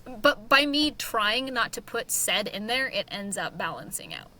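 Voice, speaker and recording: Bright-voiced woman reading reviews. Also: mid-range voice, a little hiss or hum, rough recording. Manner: animated, giggly, quick asides. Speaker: podcast co-host. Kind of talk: casual chat, reading reviews aloud.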